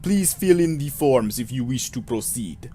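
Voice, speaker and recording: A man putting on a towering, eerie clerk with a faux Russian accent, who speaks slowly and with cool politeness. The voice sits at a middling pitch and drifts a little back from the mic. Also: lively intonation, warm tone, husky. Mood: coolly polite. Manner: slow, polite, deliberate.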